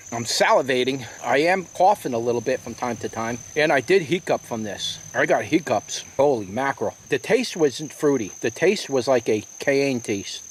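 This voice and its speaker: Chatty man reviewing peppers in a garden. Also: medium pitch. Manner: chatty, exclaims and coughs from the heat. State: hiccuping, burning mouth. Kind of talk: casual garden video review. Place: outdoor garden.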